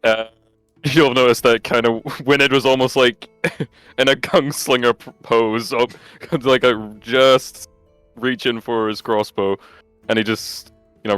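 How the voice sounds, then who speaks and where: A man's voice: medium pitch, steady tone, unhurried, fairly bright tone, clear, resonant tone, no echo, faint music behind. A man playing a tabletop game, narrating and joking with the group. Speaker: player voicing Winid. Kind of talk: tabletop game play, casual.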